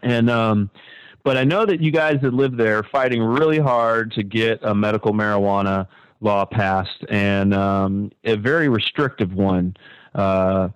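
A man co-hosting a casual talk show, animated and sarcastic, his voice leaping high when he mocks something. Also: a little slow, clear, resonant tone, no echo, low-quality recording. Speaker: podcast co-host.

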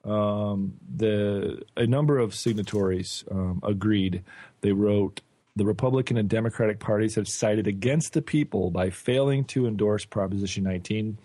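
A man co-hosting a podcast, reading news items in a relaxed, joking, rambling way. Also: on the low side, moderate pace, no echo. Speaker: podcast co-host.

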